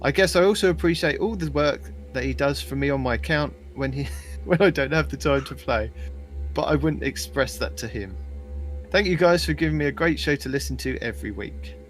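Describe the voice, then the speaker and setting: A man's voice: a little high, brisk, faint music behind, natural voice. A man reading out a listener's email in an exaggerated, hammy mock Australian accent, tossing in slang. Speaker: podcast co-host.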